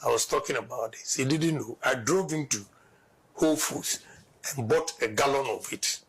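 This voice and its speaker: A man's voice: mid-range voice, moderate pace, fairly bright tone. A man explaining figures step by step in a played clip. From Ghana.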